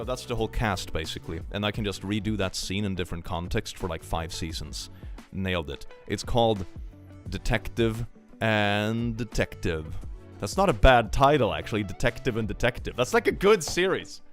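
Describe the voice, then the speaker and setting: A young man chatting casually on a live stream, joking and laughing often. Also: on the low side.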